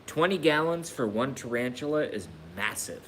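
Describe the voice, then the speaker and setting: A man live-streaming a casual rant, slow and halting, with sighs and swearing, emotional and grieving. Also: mid-range voice, expressive, a bit bright, slight background noise.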